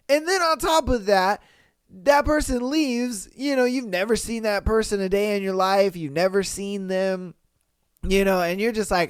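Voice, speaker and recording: A man hosting a podcast, reading out posts and reacting with loud, profane, animated commentary and frequent laughter. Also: high voice, normal speed, clear, resonant tone, no room sound, clean studio sound. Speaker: podcast host. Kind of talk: casual solo commentary on reader posts.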